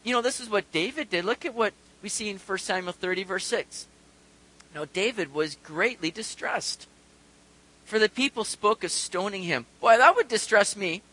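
A male pastor delivers a sermon in a high, bright voice. He reads scripture aloud and moves from quiet earnest stretches to loud, urgent bursts. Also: animated, moderate pace, poor audio.

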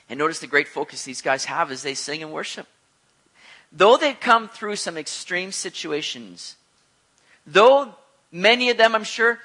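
A man preaching a sermon as a pastor, animated, with joking asides. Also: a little high.

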